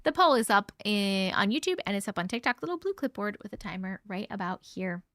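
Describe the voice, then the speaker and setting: A woman's voice: mid-range voice, very animated, a little fast, fairly bright tone, dry recording, studio quality. A woman hosting a casual livestream, chatting and reading chat aloud, swearing casually, her voice strained and fading. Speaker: livestream host reading viewer stories.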